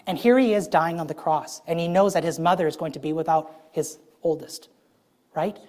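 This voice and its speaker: A woman preaching to her congregation in a loose, conversational way, often checking in with "right?" and "okay?" and drawing out key phrases slowly for emphasis. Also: deep voice, dark tone. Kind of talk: sermon.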